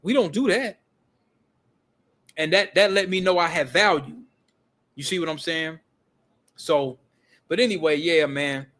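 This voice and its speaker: A man with a high-pitched voice tells a story with animated, emphatic delivery. He speaks casually, uses slang and profanity, and repeats phrases for emphasis. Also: normal speed, long pauses. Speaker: vlogger.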